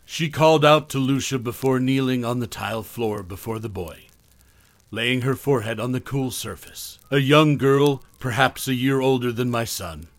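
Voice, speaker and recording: A man narrating a first-person horror story in a measured, dramatic way. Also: medium pitch, dry recording.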